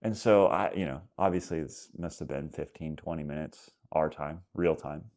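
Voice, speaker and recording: A man's voice: rumbling low, normal speed, darkish tone. A man as a podcast guest, recounting an experience in a rambling way with lots of "like"s. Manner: rambling storytelling, many "like"s and acted quotes. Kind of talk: casual conversation.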